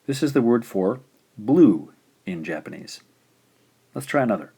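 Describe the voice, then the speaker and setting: A man giving a recorded language lesson. He repeats syllables slowly and carefully, with frequent "uh" fillers. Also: medium pitch, sing-song, mellow, breathy edge. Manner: slow, careful pronunciation drills with frequent "uh" fillers. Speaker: language teacher.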